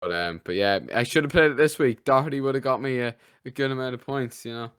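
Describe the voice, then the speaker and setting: A man from Ireland with a smooth, clear voice co-hosts a casual football podcast. He reports fantasy league scores in a halting way, doubling back on his words. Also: medium pitch, fairly bright tone, no echo, clean studio sound. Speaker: podcast co-host.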